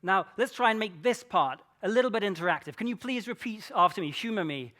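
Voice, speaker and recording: A man's voice: high voice, expressive, brisk, sharp tone. A man giving a keynote talk on storytelling to a large audience, playful and engaging, often asking the room questions. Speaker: keynote speaker. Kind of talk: conference talk.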